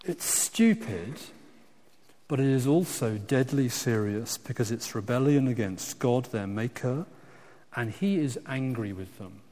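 A man preaching a sermon, animated and emphatic, with frequent restarts, swinging from loud exclamations to quiet asides. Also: medium pitch, measured pace. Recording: long hall reverb.

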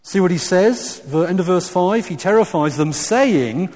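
A man preaching a sermon, animated and emphatic, with frequent restarts, swinging from loud exclamations to quiet asides. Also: sits high, measured pace. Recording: long hall reverb.

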